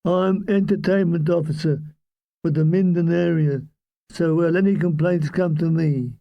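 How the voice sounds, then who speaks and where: A man's voice: high voice, normal speed, no room sound, muffled recording, lightly acted. An older man playing a stiff, polite army entertainment officer.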